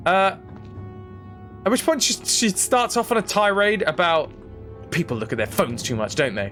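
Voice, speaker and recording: A young man streaming a game, telling stories and chatting with his viewers in a lively, casual way. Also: high voice, moderate pace, pauses often, soft background music. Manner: animated, chatty storytelling to viewers. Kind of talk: casual chat while playing a game.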